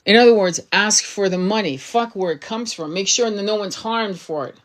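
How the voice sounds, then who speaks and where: A woman's voice: medium pitch, normal speed. A woman giving a tarot reading, talking straight to the viewer in a blunt, casual way and swearing freely. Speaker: tarot reader.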